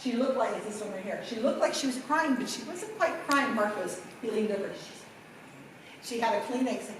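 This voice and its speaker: A middle-aged woman giving a workshop talk, telling a story with lively, acted-out quotes. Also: mid-range voice, noisy background. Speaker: workshop presenter. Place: conference room. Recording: echoey room from far off.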